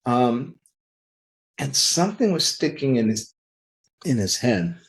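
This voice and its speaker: A man who works in comics, telling anecdotes in a podcast interview, acting out the quoted lines in lively voices. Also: mid-range voice, takes it slowly. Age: older. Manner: animated anecdotal storytelling, acts out quoted dialogue. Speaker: interview guest, comic creator.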